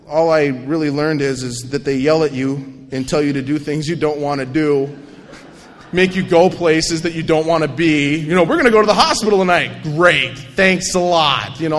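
A man with a fairly high voice tells his recovery story to a meeting, animated and self-mocking, with coarse jokes. His voice rings out with a long hall reverb behind it. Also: normal speed. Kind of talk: personal recovery story told to an audience.

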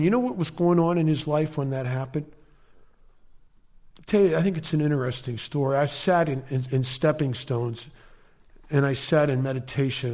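A man's voice: medium pitch, a little mellow. A man speaking at a recovery meeting, telling his personal story in an earnest, emphatic way with flashes of wry self-mocking humor.

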